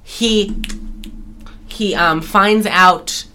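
A woman's voice: medium pitch, extremely slow, bright, forceful tone. A woman co-hosting a podcast, recapping a film in casual chat with many restarts and laughs. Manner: rambling, restarts, laughs often. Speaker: podcast co-host.

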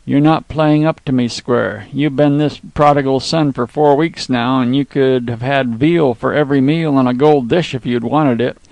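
A man's voice: medium pitch, steady tone, moderate pace, vocal fry, hardly any pauses, a little mellow, no room sound, lightly acted. A man voicing a scheming, drunken American consul who blusters and threatens. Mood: blustering. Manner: blustering, angry.

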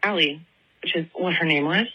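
A woman's voice: on the low side, normal speed, husky, highs cut off. A woman in her twenties from Atlanta tells a story in a casual, chatty voicemail, full of "like" and fillers. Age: 20s. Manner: chatty, filler-heavy, lots of "like". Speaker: listener calling in with a voicemail.

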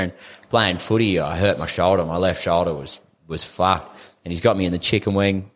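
A man's voice: low-pitched, fairly even intonation, fairly quick, a bit bright, big-room sound. A young Australian man telling stories as a podcast guest, laid-back, swearing often and laughing through his tales. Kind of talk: casual storytelling chat.

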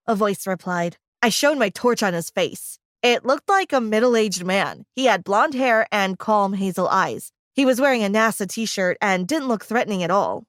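A woman's voice: medium pitch, lively intonation, moderate pace, hardly any pauses, no echo, studio quality. A woman narrating a first-person story, reading expressively.

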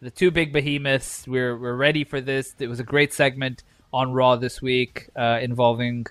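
A man co-hosting a casual wrestling chat, excitable and animated, acting out his own reactions and swearing freely. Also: mid-range voice, moderate pace, dry recording. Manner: excitable, acts out reactions with shouted quotes. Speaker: podcast co-host.

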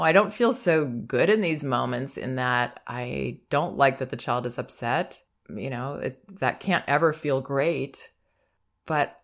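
A woman hosting a parenting advice podcast, speaking in a calm, gentle and reflective way, with soft laughs. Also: low-pitched. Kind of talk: advice monologue.

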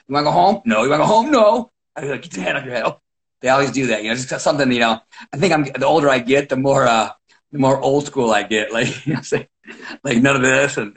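A wrestling coach, a man, telling animated stories about his practices in a casual chat, acting out quotes and often restarting sentences. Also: medium pitch, poor audio. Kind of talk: casual podcast storytelling.

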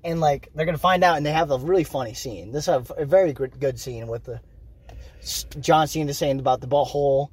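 A man co-hosting a casual movie review podcast, laughing and swearing through excited banter. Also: on the high side, brisk, slightly rough. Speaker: podcast co-host.

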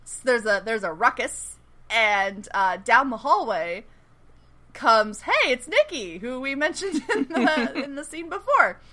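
A woman co-hosting a casual chat, recapping a TV show, animated and swearing freely as she acts out the characters' lines. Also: on the high side, a little slow. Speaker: podcast co-host.

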